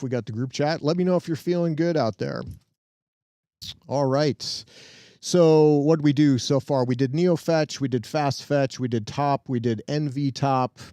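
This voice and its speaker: A man's voice: mid-range voice, dark tone, smooth, no echo, clean studio sound. A man hosting a casual live-stream tech demo from his home lab, chatty and upbeat as he talks to viewers while he works. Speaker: host and tech trainer.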